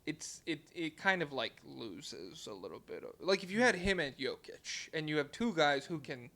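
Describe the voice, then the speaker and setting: A man co-hosting a casual sports podcast, his voice sitting a little high and swinging widely as he talks. He is animated and jokey, swearing freely as the chat rolls along. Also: moderate pace, vocal fry. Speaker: podcast co-host.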